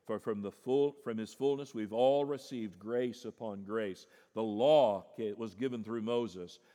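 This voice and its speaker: A middle-aged man preaching a sermon as pastor, dropping low and quiet, then rising sharply in pitch and volume for emphasis. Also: unhurried. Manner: swings from soft and low to loud, high-pitched emphasis. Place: church sanctuary. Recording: long hall reverb.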